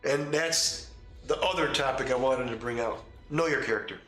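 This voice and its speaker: Male host and game master, bright, emphatic, repetitive, echoey room. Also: medium pitch, normal speed, faint music behind. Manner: emphatic, repetitive, rhetorical questions. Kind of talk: casual opinion talk.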